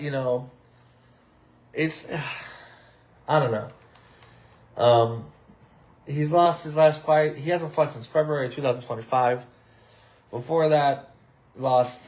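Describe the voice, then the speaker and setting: A man in his thirties with a medium-pitched, slightly mellow voice speaks slowly, leaving long pauses. He hosts a podcast from his apartment, delivering a heated, rambling opinion rant full of swearing and restarts.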